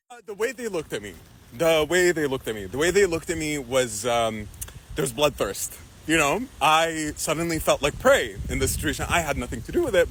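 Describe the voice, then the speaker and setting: A young man telling a stand-up story, acting out the people in it and laughing often. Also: slight background noise. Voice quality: husky, animated, laughs often. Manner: acts out the people in his story, jumps into high yelps. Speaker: comedian.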